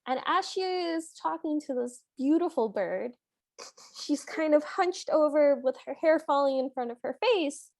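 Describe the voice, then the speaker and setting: A woman's voice: high-pitched, animated, measured pace, darkish tone, no room sound, studio quality. A woman co-hosting a podcast, recapping a film in playful casual chat and laughing often. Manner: giggly, playful, reads out scenes. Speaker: podcast co-host.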